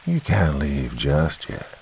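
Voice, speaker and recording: A man's voice: a bass voice, huge pitch swings, creaky, a little mellow, a little hiss or hum, exaggerated voice. A man doing a whispering demonic shadow creature. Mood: creepy mocking. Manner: slow, mocking, drawn-out whispers. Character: mocking demonic shadow creature, childlike male.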